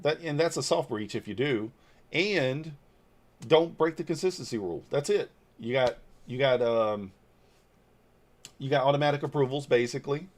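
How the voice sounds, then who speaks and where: A man in his forties from Northeast Georgia hosts a trading livestream, reading viewers' comments aloud and answering them in casual chat. His voice is medium-pitched at a normal speed, and his manner is blunt and loose, with mild swearing.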